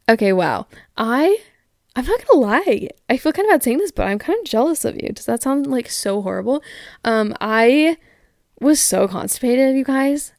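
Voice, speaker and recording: A woman's voice: high-pitched, very animated, normal speed, gravelly, darkish tone, no echo, studio quality. A woman in her twenties hosting a casual talk show, chatting candidly and reading listener stories, with frequent "like" fillers. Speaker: podcast host.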